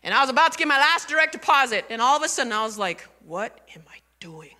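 Woman, pastor, conversational sermon, asks the crowd questions, bright voice, long church reverb. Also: high voice, very fast. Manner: conversational and animated, asking the congregation questions.

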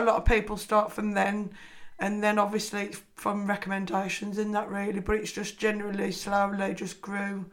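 A woman with a Scouse accent, a personal trainer chatting as a podcast guest, talking freely with lots of fillers and frequent laughs. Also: medium pitch. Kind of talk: casual podcast chat.

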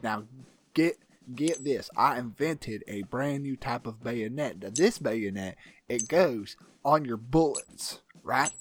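A man playing a violent weapons inventor and war veteran in an improvised comedy role-play, crude, boastful and excitable. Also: mid-range voice, takes it slowly.

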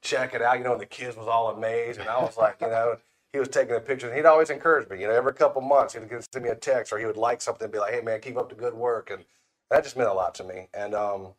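A man's voice: medium pitch, fairly even intonation, fast. Folksy man telling stories. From Florida panhandle. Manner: folksy storyteller, acts out quoted voices. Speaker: podcast guest, brand founder. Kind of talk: casual chat.

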